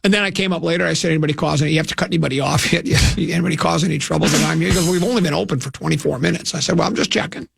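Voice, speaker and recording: A man's voice: fairly high pitch, very fast, gravelly, hardly any pauses, music in the background. An older man from hosting a radio show, telling a rambling, self-mocking anecdote with many restarts. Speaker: radio host.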